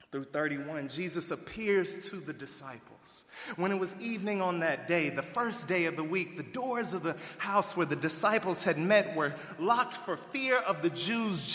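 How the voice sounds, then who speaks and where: A man preaching a sermon as pastor, jumping between lively asides and slow scripture reading. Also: high voice. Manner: lively preaching, breaks off to play music, then reads scripture slowly. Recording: echoey hall with long reverb.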